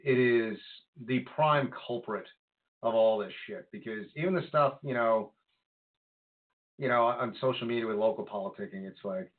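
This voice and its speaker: A man's voice: mid-range voice, moderate pace. Rambling man on a tinny phone-like line. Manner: animated, rambling with many fillers and restarts. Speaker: podcast co-host. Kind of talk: casual political chat.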